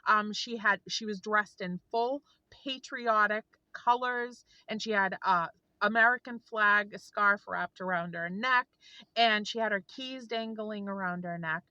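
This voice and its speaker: Woman vlogger, earnest storyteller, bright and tense, dry close sound. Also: mid-range voice, measured pace, no room sound, dull audio. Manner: earnest, heartfelt, rambling with restarts. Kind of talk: casual storytelling to camera.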